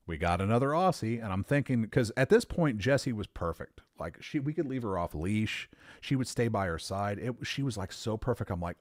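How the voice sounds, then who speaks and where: His very deep voice carries lively intonation at a moderate pace as this podcast host spins a rambling personal tale, pausing to correct himself. He swears offhandedly and chuckles at himself, and the audio is dry, close and echo-free.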